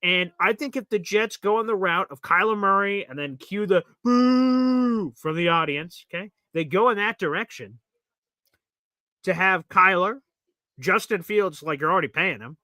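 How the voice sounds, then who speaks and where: A man's voice: sits high, moderate pace, sharp tone, dry recording. A man co-hosting a sports podcast, talking casually and animatedly, acting out quotes in a raised voice. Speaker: podcast co-host.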